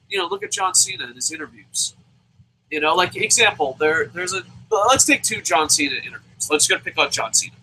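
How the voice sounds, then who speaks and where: A man tears into wrestling in a loose, profane rant, slipping into mocking impressions as he goes. His voice is very bright and sits a bit high. A faint noise runs under the recording. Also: animated, fairly quick, poor audio. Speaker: wrestling show reviewer. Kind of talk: casual opinionated rant.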